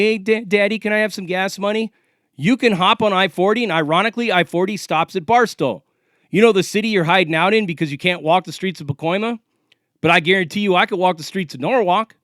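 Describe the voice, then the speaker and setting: A man's voice: sits high, a bit bright, no room sound, studio quality. A man in his forties, from California, ranting to the camera in a confrontational, profane and taunting way. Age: 40s. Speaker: vlogger.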